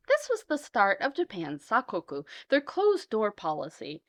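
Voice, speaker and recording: A woman's voice: mid-range voice, huge pitch swings, moderate pace, hardly any pauses. A woman storyteller performing a comic historical tale in a playful, punchy way.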